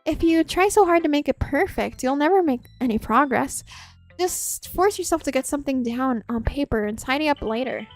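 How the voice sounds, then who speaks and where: A woman voicing an upbeat teenage girl club president who gives writing advice in a game read-aloud. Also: high voice.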